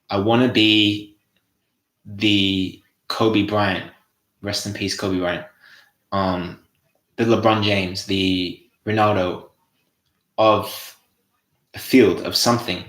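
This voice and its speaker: A man's voice: on the low side, a bit bright, roomy sound. A young Australian man hosting a casual motivational monologue, swearing freely and restarting his phrases. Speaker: host.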